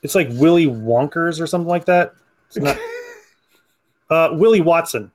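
A man's voice: fairly high pitch, fairly quick, darkish tone. A man hosting a comic book podcast, chatting casually, laughing often and acting out lines from comics. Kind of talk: casual chat.

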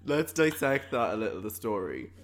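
Animated, jokey podcast co-host. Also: mid-range voice, moderate pace. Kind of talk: casual chat.

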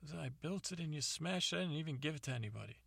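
A man's voice: fairly high pitch, animated, racing, vocal fry, sharp tone, husky, dry recording, voice pushed up, full character voice. A man voicing a grumpy, resentful older father complaining in a whiny tone. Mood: aggrieved.

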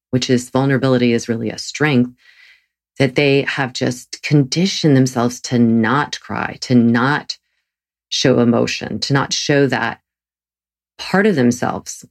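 A podcast host and physical therapist, talking earnestly and reflectively about yoga and wellbeing, often pausing to restart sentences. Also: mid-range voice. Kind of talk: solo motivational podcast talk.

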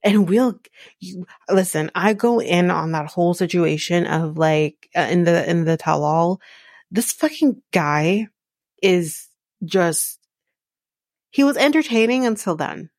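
A woman's voice: fairly low pitch, measured pace, darkish tone, no room sound, clean studio sound. Blunt, profane woman podcast host. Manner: laughs often while talking. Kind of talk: casual reality-show recap.

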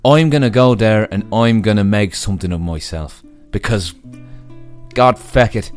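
A man's voice: fairly low pitch, moderate pace, faint music behind, lightly acted. Guy putting on an irish accent for a silly grand villain speech. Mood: grandiose. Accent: put-on Irish. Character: brooding Irish villain John, grown man.

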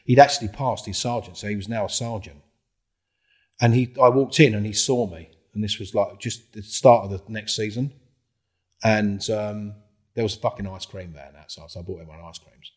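Man, ex-undercover cop, low husky voice, loose storyteller who swears a lot. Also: moderate pace. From England. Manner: swears a lot, acts out other people's lines with lively quoted voices. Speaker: former undercover police officer, guest. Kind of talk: casual storytelling interview.

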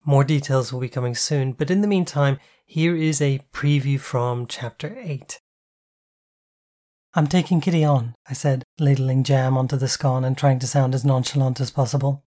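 An author introducing and reading aloud their own novel in a steady, even storytelling voice. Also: mid-range voice, moderate pace, few pauses. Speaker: author and audiobook narrator.

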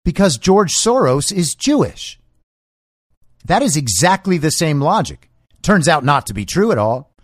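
A man's voice: fairly high pitch, sing-song, measured pace, breathy edge, no room sound, studio quality. A man hosting a political commentary show, reading news quotes and mocking them sarcastically. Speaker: podcast host.

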